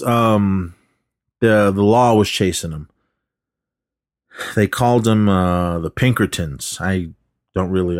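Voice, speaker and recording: A man's voice: low-pitched, darkish tone, no echo, studio quality. A man co-hosting a podcast, loosely retelling a movie scene with lots of "uh" and acted-out quotes. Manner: rambling retelling with filler words and quoted lines. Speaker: podcast co-host. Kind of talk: casual film recap.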